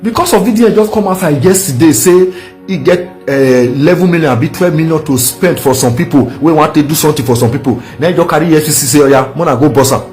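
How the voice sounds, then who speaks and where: A man's voice: a little high, fast, darkish tone. Nigerian pidgin man warning the govt over and over, average voice, bit of music behind. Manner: defiant, warning, repetitive. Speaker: protester. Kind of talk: political protest speech.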